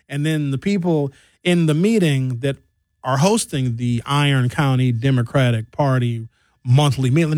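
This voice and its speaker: Animated Wisconsin man, dry close mic. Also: medium pitch, measured pace, no room sound. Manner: animated, jokey storytelling with put-on voices. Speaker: host. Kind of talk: solo commentary.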